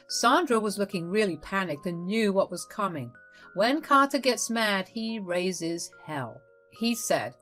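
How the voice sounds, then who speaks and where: A woman narrating a first-person family story in a dramatic, lively way. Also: on the low side.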